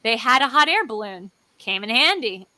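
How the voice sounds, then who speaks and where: A woman co-hosting a casual chat over a video call, talking in an excitable, jokey and rambling way. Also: a little high, moderate pace, a crowd in the background. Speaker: co-host.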